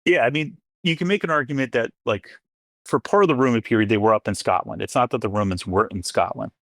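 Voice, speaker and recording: A man's voice: mid-range voice, fast talker, dry recording, clean studio sound. A man, an archaeologist guest on a podcast, chatting casually and hedging his points with many fillers.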